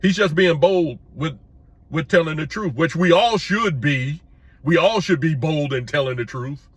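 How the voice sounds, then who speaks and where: A middle-aged man giving an opinion commentary to his viewers, plain-spoken and emphatic, repeating his points and pushing his pitch up when he presses one. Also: a little slow, breathy edge, dry recording. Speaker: commentary vlogger.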